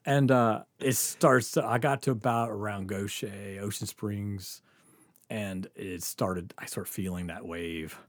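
A man's voice: on the low side, measured pace, dry recording, clean studio sound. A man casually telling a story, laughing often and swearing freely.

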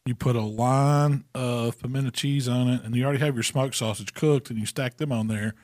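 Man, relaxed casual chat, explains things step by step, dry close sound. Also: medium pitch, fairly quick, dry recording. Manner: easygoing, explains cooking step by step. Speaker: barbecue pitmaster co-host.

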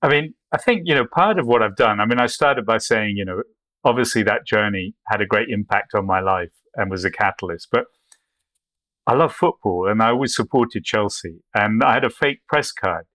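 A man's voice: on the low side, normal speed, fairly bright tone, dry recording. Man telling adventure stories, dry sound. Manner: anecdotal, with frequent restarts and acted quotes. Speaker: guest, photographer. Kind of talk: storytelling interview answers.

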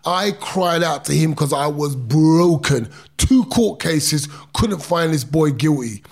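A man's voice: fairly high pitch, slow, gravelly. A middle-aged man, a former boxer telling his own story in an interview, intense and emphatic, stretching words out and using street slang. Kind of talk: emotional personal storytelling.

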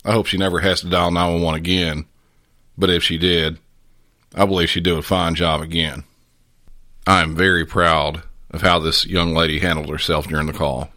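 Podcast guy reading his take, super low voice, crisp bright edge, dead dry sound. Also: flat delivery, normal speed, no echo. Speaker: podcast host. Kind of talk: scripted narration.

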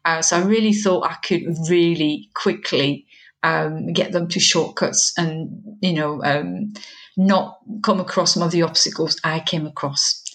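Middle-aged teacher lady, kinda low voice, lots of ums and restarts, thinking out loud. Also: steady tone, unhurried. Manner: thoughtful, hesitant with many fillers and restarts. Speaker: educator and podcast guest. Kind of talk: conversational interview.

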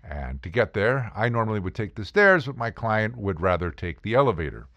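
A man's voice: on the low side, sing-song, brisk, a bit bright, no echo, lo-fi sound. An American man, an attorney, telling courtroom stories in a casual, wry, joking way. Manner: wry, joking, acts out quoted voices. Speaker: attorney podcast host. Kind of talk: casual storytelling monologue.

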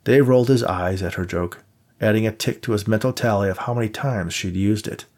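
A male audiobook narrator with a low, gravelly voice and a husky edge. He reads at a measured, even pace, steadily telling the story. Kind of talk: scripted narration.

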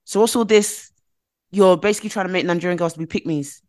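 On a podcast, a woman from Britain talks in a casual chat, her voice on the low side and her pace quick. Her storytelling is animated, complete with quoted voices as she acts out others' words.

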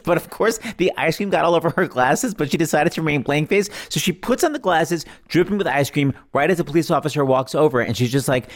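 A middle-aged man hosting a talk show, telling a family anecdote in a casual, animated way and acting out the quotes. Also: brisk. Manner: animated, acts out quotes in a high voice, laughs while telling. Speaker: podcast host. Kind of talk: casual storytelling.

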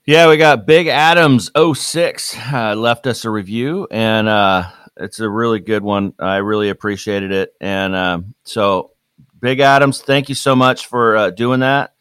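Chill co-host guy, smooth resonant voice, dry sound. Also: lowish voice, unhurried, a bit bright, dry recording. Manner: easygoing, friendly, with fillers. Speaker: podcast co-host. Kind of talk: casual podcast chat.

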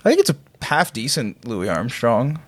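A man's voice: mid-range voice, sing-song, moderate pace, no echo. A man co-hosting a podcast, joking and swearing in casual banter and breaking into sung impressions. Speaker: podcast co-host.

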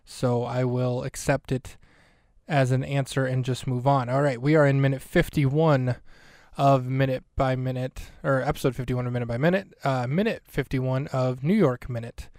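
Joking, rambling podcast host, smooth voice. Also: male voice, mid-range voice, fairly even intonation, moderate pace, darkish tone, no echo, clean studio sound. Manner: joking, rambling, self-interrupting. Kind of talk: casual comedic podcast commentary.

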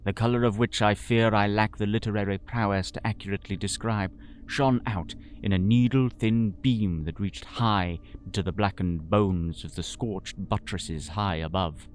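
A man narrating an audio drama in a pompous, florid manner, as a Victorian-style gentleman. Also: fairly low pitch, steady tone, normal speed. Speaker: storyteller and sole voice actor.

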